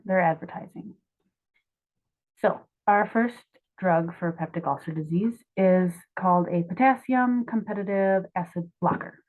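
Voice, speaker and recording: A young woman in her twenties walks through her own drug mnemonic drawings in a chatty, offhand way, correcting herself as she goes. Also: fairly low pitch. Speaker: student explaining drug mnemonics. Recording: tinny phone-like sound.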